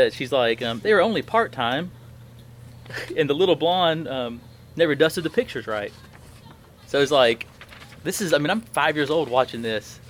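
A man's voice: medium pitch, lively intonation, measured pace, long pauses, a little hiss or hum. A man in his thirties hosting a podcast, telling a story in a rambling way with many fillers and restarts. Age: 30s. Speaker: podcast host. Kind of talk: casual chat.

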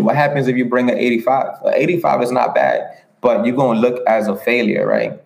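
Male motivational speaker, earnest and rhetorical, mid-pitched, recorded in an echoey room. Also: fairly quick, vocal fry, darkish tone. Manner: earnest, repetitive, rhetorical questions. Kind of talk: motivational livestream talk.

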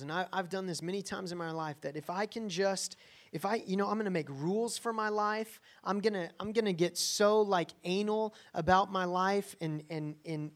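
A man preaching a sermon in a conversational, emphatic way, often checking in with the listeners. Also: high voice. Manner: emphatic, conversational, frequent "right?" asides. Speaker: pastor.

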